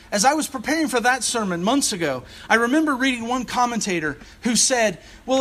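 A man delivers a sermon in a fairly high voice. He speaks earnestly, searching for words and doubling back to restart his phrases as he goes. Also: a bit bright. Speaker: assistant rector.

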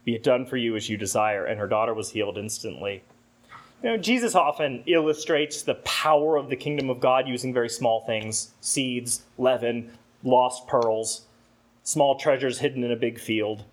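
Male preacher, mid-pitched, sermon storytelling with acted-out asides. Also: lively intonation, normal speed. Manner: storytelling, acts out a talking vase with rising exclamations. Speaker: rector preaching.

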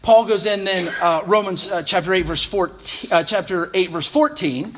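A man's voice: sits high, lively intonation, moderate pace, a bit bright, a little hiss or hum. A man in his thirties, a pastor, preaching an earnest, conversational sermon with restarts and wry asides.

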